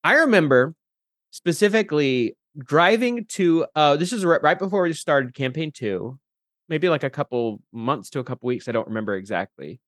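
A man guest in a casual podcast chat, animated and jumping in and out of character voices. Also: a little high, normal speed, no echo, studio quality. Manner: animated, slips into character voices mid-sentence.

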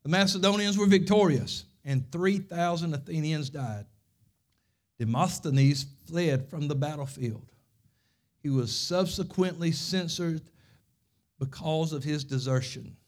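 High-pitched pastor guy preaching, keeps repeating lines for emphasis. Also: unhurried. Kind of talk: sermon.

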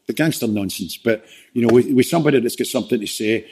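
A man's voice: mid-range voice, fast, a little mellow, slightly rough. Rambling man in casual chat. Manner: rambling, full of "you know" fillers and restarts. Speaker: guest.

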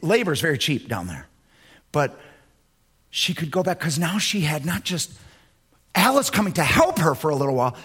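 A man preaching a sermon as pastor, swinging between loud emphatic lines and low, quiet asides. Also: husky.

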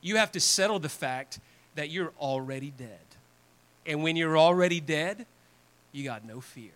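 A man voicing a fearless army officer who gives calm, blunt counsel. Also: a little high, normal speed, pitched below the performer's own voice, rough recording. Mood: grave.

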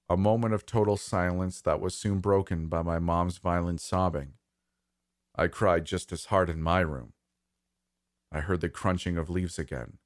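A man with a very low, deep voice telling a scripted horror story. He reads slowly and somberly, and the sound is dry and close with no room echo. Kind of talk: scripted first-person horror narration.

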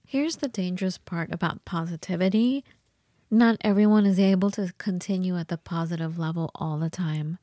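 A woman's voice: lowish voice, normal speed, warm tone, dry recording, studio quality. A woman co-hosting a podcast in casual chat, talking in a chatty, frank way and thinking aloud. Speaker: podcast co-host.

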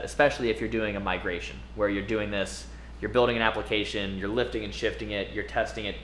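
A man co-hosting a podcast, explaining in a relaxed conversational way with frequent asides. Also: lowish voice, quick pace. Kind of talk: casual podcast chat. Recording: roomy with faint background noise.

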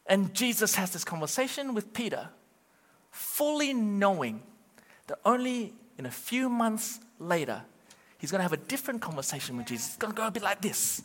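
A man's voice: high-pitched, moderate pace, big-room sound. A male pastor preaching a sermon, urging the congregation on and acting out quotes. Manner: animated, urging the crowd, acts out quotes.

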